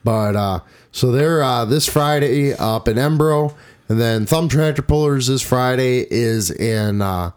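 A chatty man hosts a relaxed podcast and rambles through the week's events. His pitch sits in an ordinary middle range. He pokes fun at himself easily. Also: unhurried, clean tone. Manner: chatty, rambling, self-deprecating. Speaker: podcast host and tractor pull announcer. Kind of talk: casual chat.

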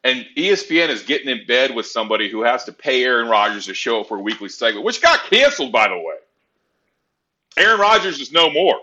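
Guy ranting about sports, cusses a ton, sharp forceful voice, kinda dull lo-fi audio. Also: medium pitch, very animated, quick pace. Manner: blunt, profane, rambling rants. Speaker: podcast co-host. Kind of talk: casual sports chat. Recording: dull lo-fi sound.

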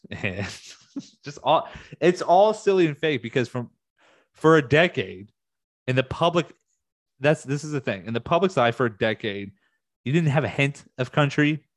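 A man rants at the camera as a music fan, heated and swearing freely. His pitch sits in an ordinary middle range and often leaps high when he gets worked up. The sound is dry and close, with no room echo. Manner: heated, profane, with sudden high-pitched outbursts. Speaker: music fan ranting on video. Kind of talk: casual rant.

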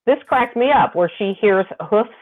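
A woman co-hosting a casual book discussion podcast, animated, laughing often and reading quotes aloud. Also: on the high side, normal speed. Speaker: podcast co-host. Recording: tinny phone-like line.

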